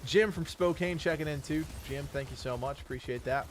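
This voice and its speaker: A man's voice: fairly high pitch, a little hiss or hum. A man streaming a game live, chatting casually and reading out where his viewers are tuning in from. He has kids. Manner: upbeat, reads viewer names in a quick rattled list. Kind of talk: casual live-stream chat while gaming.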